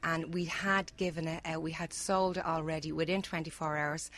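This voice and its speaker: A woman from Ireland who works at a charity shop, telling a story in an earnest, halting way. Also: deep voice, flat delivery, fairly bright tone. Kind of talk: casual storytelling.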